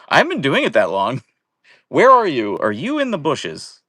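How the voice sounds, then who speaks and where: A man's voice: mid-range voice, wildly swooping pitch, normal speed, sharp tone, dry recording, clean studio sound. A young man hosting a casual live stream from home, chatting playfully and greeting viewers by name. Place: at home, indoors.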